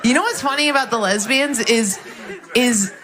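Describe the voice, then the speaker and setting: A woman doing stand-up comedy and crowd work on a club stage, talking loudly and swinging into incredulous shouts. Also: on the high side, moderate pace. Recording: live club recording with crowd noise.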